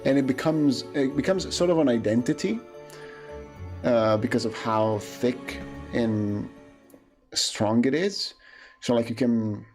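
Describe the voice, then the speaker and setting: An Italian-accented man chats through a speedrun stream, mulling over his opinions with frequent restarts. His voice sits at an ordinary middle pitch. Game music plays clearly behind him. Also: slow pace, darkish tone. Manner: musing, opinionated, hesitant with restarts. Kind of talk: casual chat while gaming.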